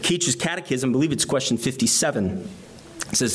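A man's voice: medium pitch, expressive, normal speed, husky. A man preaching an expository sermon, reading and explaining scripture passages earnestly.

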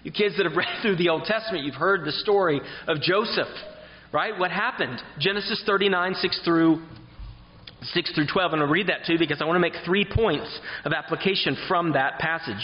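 A man's voice: a little high, moderate pace, big-room sound, lo-fi sound. A man preaching an expository sermon who reads scripture aloud and asks his listeners questions.

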